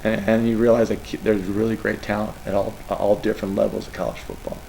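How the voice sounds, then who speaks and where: A middle-aged man with a lowish, gravelly voice talks as a football coach at a press session. He rambles and gets emotional, and a faint room ambience sits behind him. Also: flat delivery, fast talker, warm tone, slight background noise, poor audio. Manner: emotional, rambling, tearful at times. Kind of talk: press conference answers.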